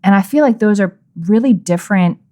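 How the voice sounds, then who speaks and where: A woman's voice: mid-range voice, lively intonation, brisk, dark tone. A woman co-hosting a podcast, reading scripture aloud and then discussing it in a thoughtful, searching way with frequent restarts. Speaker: podcast co-host.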